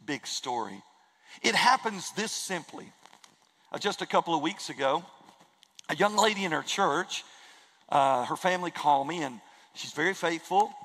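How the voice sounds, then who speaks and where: A man's voice: fairly high pitch, fairly bright tone, long reverb tail, rough recording. A man preaching a sermon in a church, earnest and emphatic, repeating key phrases for weight. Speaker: pastor. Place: church sanctuary.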